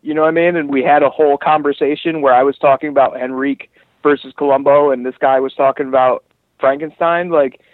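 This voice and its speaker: A man hosting a casual chat about fights, animated and profane, rambling through asides. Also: medium pitch, fast talker, no echo. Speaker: podcast host. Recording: tinny phone-like dry sound.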